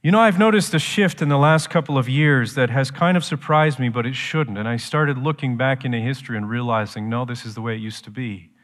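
A man preaching a sermon as pastor, shifting from quiet explanation to loud, slow, emphatic lines. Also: mid-range voice, long reverb tail.

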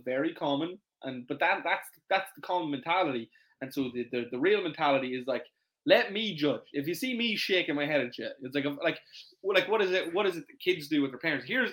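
Fast, bright-voiced man coach. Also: a little high, low-quality recording. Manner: animated, acts out quotes, swears casually. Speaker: fitness coach, podcast host. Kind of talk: casual chat.

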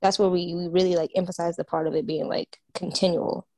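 Female middle-school teacher, podcast guest, low voice, earnest, dry recording. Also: little pitch movement, a little mellow, no echo. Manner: earnest, speaks up for her view, quick to laugh. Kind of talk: casual chat.

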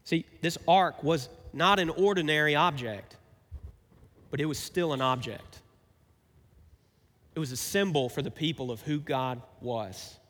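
A man's voice: on the high side, a little slow, long pauses, a bit bright, big-room sound. A man preaching a sermon as pastor, talking conversationally and asking his listeners rhetorical questions.

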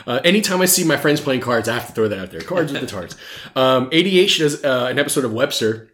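A man rattles along at a quick clip as a podcast host, rambling from one tangent to the next with jokes and swearing. He laughs often. The recording carries a roomy echo. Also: mid-range voice, animated, a bit bright. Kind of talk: casual chat.

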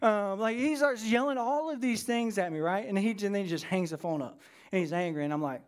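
A male pastor gives a relaxed, conversational sermon to his congregation. His voice sits high for a man. He drifts into personal stories, filling them with casual asides and restarts. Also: fairly quick. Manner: casual, storytelling, many fillers. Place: church service with a live congregation.

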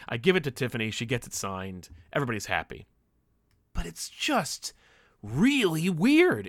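A man's voice: on the high side, a bit bright, dry recording, studio quality. A man hosting a podcast about comics, talking in a chatty, opinionated, easygoing way. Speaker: podcast host. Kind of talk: casual commentary.

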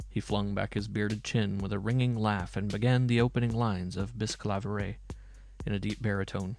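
Low gravelly male narrator. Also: steady tone, a little mellow, soft background music. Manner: measured, dramatic reading. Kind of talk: scripted storybook narration.

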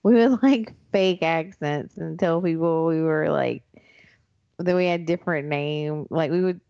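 A woman with a thick Southern American accent co-hosting a casual chat, adding joking asides and side stories. Her voice sits a bit low, and the recording sounds dull and lo-fi. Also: unhurried, creaky, warm tone, clean tone. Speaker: podcast co-host. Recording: dull lo-fi audio.

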